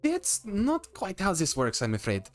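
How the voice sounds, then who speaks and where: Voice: medium pitch, wildly swooping pitch, a little slow, soft background music, voice pushed up. A streamer voicing a posh woman cook who speaks with a put-on French accent, in a grand, theatrical manner. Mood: grandly instructive.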